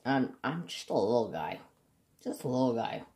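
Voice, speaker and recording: A man's voice: medium pitch, big pitch swings, moderate pace, a little mellow. A man chatting casually and jokingly as he swatches markers for his craft vlog. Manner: chatty, joking, self-deprecating. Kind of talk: casual chat.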